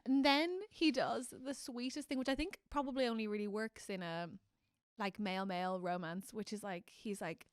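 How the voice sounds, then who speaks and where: A woman co-hosting a casual comedy podcast, talking with animated emotion. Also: mid-range voice, moderate pace, smooth, dry recording, studio quality. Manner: animated, emotional, acts out characters' lines. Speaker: podcast co-host.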